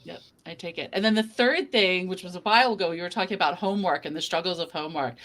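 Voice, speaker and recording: A woman hosting a conversational interview, explaining things briskly as an education lawyer. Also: fairly low pitch, fairly bright tone.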